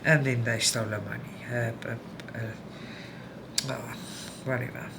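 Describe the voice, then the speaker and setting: A woman's voice: a bass voice, fairly even intonation, slow, creaky. A South African woman chatting candidly to viewers at home while she stitches, venting and talking things through. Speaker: cross-stitch vlogger. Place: home room. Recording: home recording with background noise.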